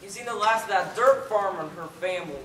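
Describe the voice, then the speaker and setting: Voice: medium pitch, fast talker, a bit bright, natural voice. A surly small-town storekeeper, as a young actor plays him snaps short, suspicious answers. The voice sounds distant and roomy, like a stage taped from the audience. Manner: curt, gruff. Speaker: actor in a school play.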